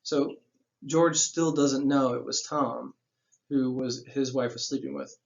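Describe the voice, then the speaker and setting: A man's voice: mid-range voice, steady tone, unhurried, vocal fry, muffled recording. A man reading a novel aloud as a teacher, breaking off for casual asides that explain the plot in plain slang.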